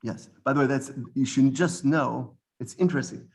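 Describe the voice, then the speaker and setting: Male teacher, gravelly voice, classroom lesson; explains, quizzes students, digresses and corrects himself. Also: mid-range voice, normal speed. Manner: digressive, corrects his own wording.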